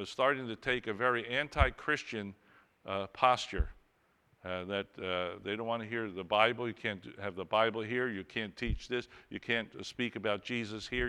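A man's voice: medium pitch, sharp tone, clean tone, in a large hall. A man preaching a sermon, earnestly reading and explaining scripture with rising emphasis.

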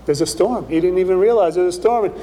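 A man's voice: high-pitched, fast, mellow. A man preaching a conversational sermon as a pastor, often checking in with "right?", in a church hall.

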